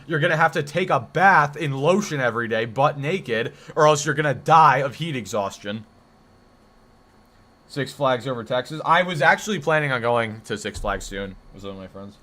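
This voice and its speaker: A man from the northeastern United States chats casually on a live stream. His voice is bright and forward, and he rambles and corrects himself as he reacts to chat messages. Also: fairly high pitch.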